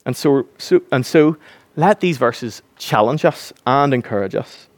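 A man preaching a sermon, earnest and animated when he acts out scenes. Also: mid-range voice, a little slow, dry recording.

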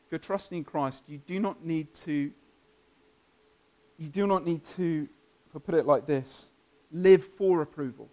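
A man's voice: a little high, unhurried. Earnest male preacher. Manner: earnest, emphatic, building to climaxes then softening. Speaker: pastor. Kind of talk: sermon.

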